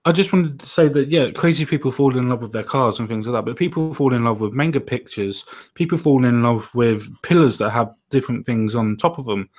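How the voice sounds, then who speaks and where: A man's voice: medium pitch, a little fast, few pauses. A man in a casual stream chat with a mid-range voice. He lays out his argument earnestly and at length, building point by point.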